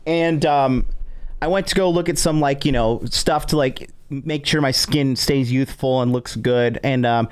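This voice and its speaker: A man's voice: mid-range voice, unhurried, clear, resonant tone. A man hosting a podcast stream, commenting on a played clip and reading out his live chat in an upbeat way. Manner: upbeat, reading out chat, addressing viewers directly. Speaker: podcast host.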